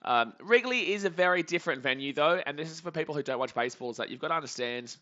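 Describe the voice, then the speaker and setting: A young man hosting a live baseball reaction stream, calling plays and reading chat comments aloud in an excitable way. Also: fairly high pitch, fast, dull audio. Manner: excitable, reads out chat comments between calls.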